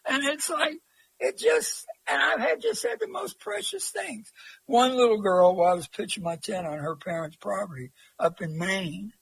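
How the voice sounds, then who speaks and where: Folksy man, interview guest; high, husky voice, dry close sound. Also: expressive, normal speed, fairly bright tone, dry recording, poor audio. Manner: rambling, folksy, many fillers. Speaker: interview guest, long-distance walker. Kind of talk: casual storytelling.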